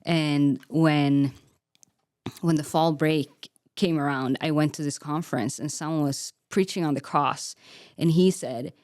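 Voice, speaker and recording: Young woman, low-pitched, dry close sound, candid faith testimony, filler-heavy talk. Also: fairly even intonation, measured pace, darkish tone, no echo. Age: young adult. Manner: earnest and candid, with frequent "like" fillers. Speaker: podcast guest.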